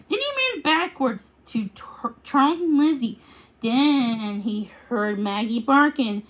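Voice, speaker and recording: A woman reading a children's book aloud, unhurried, with small slips and restarts. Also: high-pitched, a bit bright. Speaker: story reader.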